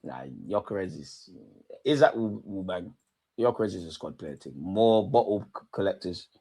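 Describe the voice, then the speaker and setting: A man's voice: low voice, normal speed. A young man hosting a livestream football reaction, ranting and taunting his chat. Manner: excitable, taunting, shouts at chat. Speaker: fan channel host.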